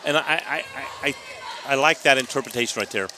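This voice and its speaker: A man doing live play-by-play commentary of a high school volleyball match, chatty and rambling, often restarting his sentences. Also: fairly quick, a loud crowd. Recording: noisy gym ambience. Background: gym noise, balls bouncing.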